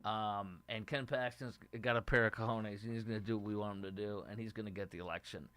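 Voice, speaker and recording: A man's voice: lowish voice, steady tone, fast, fairly bright tone, smooth, no echo. A middle-aged man from Texas hosting a political talk show, giving opinionated, rambling commentary and reading viewer comments aloud.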